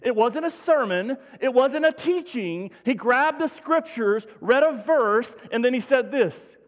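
Folksy pastor guy preaching in a church, kinda high voice, lots of echo off the hall. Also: lively intonation, measured pace. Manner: folksy, self-deprecating, many restarts. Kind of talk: sermon. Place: church sanctuary.

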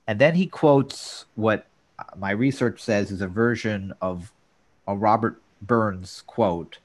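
A man's voice: lowish voice, slow. A man co-hosting a podcast, chatting casually and recapping a sitcom episode scene by scene. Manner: animated, recaps scenes in detail. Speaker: podcast co-host.

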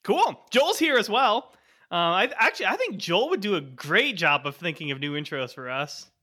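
A man's voice: sits high, very animated, moderate pace, pushed and bright. A man hosting a tabletop game podcast as game master, introducing his co-hosts with laughing, exasperated banter. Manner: laughing, exasperated, stop-start.

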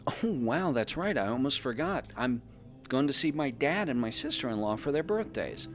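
A man's voice: medium pitch, very animated, unhurried, faint music behind. A man hosting a fan podcast, prompting his guest with short friendly questions and reactions. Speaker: podcast host. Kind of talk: casual chat with an in-character guest.

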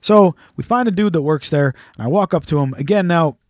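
A man's voice: fairly high pitch, fairly quick, dry recording, studio quality. A man hosting a casual chat, telling a rambling, profane, jokey story. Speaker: podcast host.

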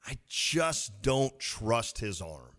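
A man co-hosting a sports radio show, chatting casually, animated and quick to laugh. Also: medium pitch. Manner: animated, laughs often, acts out little scenes. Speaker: radio co-host.

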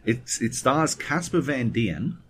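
A man's voice: mid-range voice, sing-song, takes it slowly, fairly bright tone, breathy edge. A man co-hosting a podcast, rambling casually and swearing freely as he talks into a webcam setup. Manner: profane, rambling, digressive. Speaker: podcast co-host. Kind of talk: casual chat. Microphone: webcam setup at home desk.

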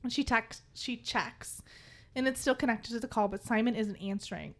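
Laughing, animated woman reading aloud. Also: on the high side, moderate pace. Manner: animated, laughs often, swears casually. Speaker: podcast co-host reading a book aloud. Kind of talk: casual book-club chat with dramatic reading.

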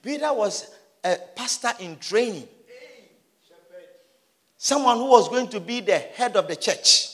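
A man preaching a sermon, emphatic and sing-song, swinging from soft asides to shouted peaks, with repeated call-and-response. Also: high-pitched, animated, unhurried, pauses often. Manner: repetitive call-and-response style.

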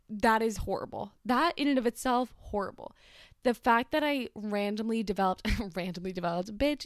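A woman's voice: medium pitch, clear, resonant tone, dry recording, clean studio sound. A young adult woman hosting a casual solo podcast, telling a story in a chatty, self-deprecating way with frequent swearing and asides. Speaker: podcast host.

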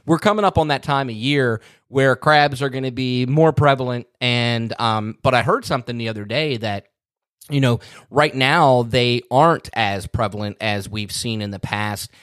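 A man's voice: mid-range voice, moderate pace, fairly bright tone, dry recording, studio quality. Teasing, easygoing male podcast host. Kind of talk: casual chat.

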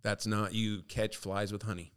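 A man with a fairly low voice talks in a loose, casual chat. He tells crude stories in an animated way and breaks into laughs. He sounds like a comedian riffing among friends. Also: moderate pace, clear, resonant tone. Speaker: stand-up comedian.

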